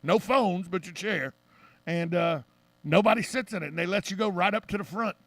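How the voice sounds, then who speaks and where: A man's voice: sits high, moderate pace, dry recording. A man hosting a radio talk show, telling long anecdotes in a casual chat. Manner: storytelling, animated anecdotes.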